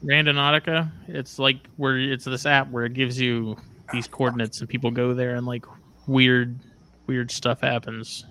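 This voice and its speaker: A man's voice: mid-range voice, level tone, normal speed, pushed and bright. A man hosting a podcast, joking and teasing in casual chat. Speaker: podcast host.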